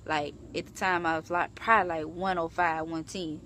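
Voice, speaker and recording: A young woman telling a story in a casual vlog, animated and profane, leaping up in pitch for emphasis. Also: normal speed, slight background noise. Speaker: vlogger.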